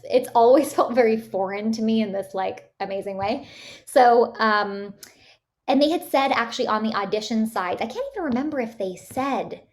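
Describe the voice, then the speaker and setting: A woman from Canada, a voice actress, chatting casually in an interview with many fillers and restarts. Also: mid-range voice. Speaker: voice actress guest.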